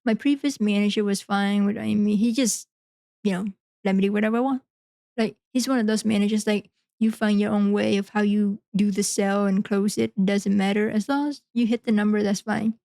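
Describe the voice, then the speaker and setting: A woman's voice: mid-range voice, fairly even intonation, a little fast, vocal fry, dark tone, no echo. A woman hosting a podcast, talking frankly in a rambling, casual monologue full of fillers. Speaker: podcast host.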